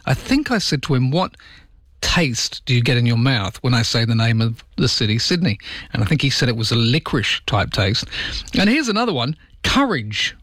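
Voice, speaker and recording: A man hosts a radio show from a dry, close-miked studio. His pitch sits in the middle of the range, and his talk is chatty and animated. He keeps throwing rhetorical questions to his listeners. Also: normal speed, no room sound. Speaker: radio host. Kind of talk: casual talk radio chat. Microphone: studio microphone.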